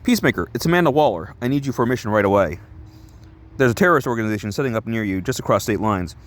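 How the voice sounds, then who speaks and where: A man reading a stern, manipulative female government handler's comic lines aloud in a brisk, businesslike way. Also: mid-range voice, expressive, natural voice. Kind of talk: comic book read-aloud.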